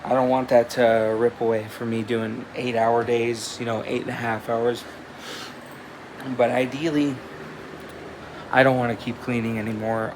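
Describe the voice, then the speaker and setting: A man's voice: mid-range voice, background noise. A man in his twenties talking casually to the camera in a vlog. He tells a loose, rambling story with frequent swearing and restarts. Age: 20s. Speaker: vlogger. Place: indoors at home, with a cat.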